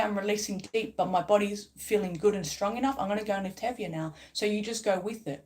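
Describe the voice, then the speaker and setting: A woman in a casual spiritual vlog, talking emphatically and repetitively and swearing freely. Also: mid-range voice. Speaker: spiritual vlogger. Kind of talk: casual spiritual pep talk.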